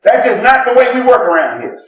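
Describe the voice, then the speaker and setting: Lively high-voiced preacher, echoing church. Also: male voice, brisk. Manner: animated storytelling with jokes and shouted exclamations. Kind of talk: sermon. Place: church sanctuary. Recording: roomy church sound from a distant mic.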